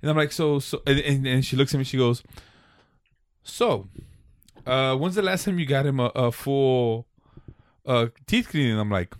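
A man's voice: medium pitch, normal speed, dry recording. Man, podcast co-host, casual chat, rambling profane storytelling, dry close recording.

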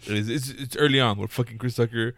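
A man's voice: medium pitch, fairly even intonation, fast talker, a bit bright, dry recording, studio quality. A man co-hosting a casual chat about movies, blunt and full of swearing. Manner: profane, blunt, emphatic. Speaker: podcast co-host.

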